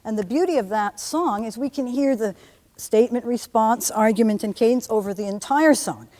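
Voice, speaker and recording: A woman teaching a music theory lecture to a class in a lively way, often humming or singing examples. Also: fairly high pitch, normal speed, long reverb tail. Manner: lively, hums and sings examples. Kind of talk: university lecture.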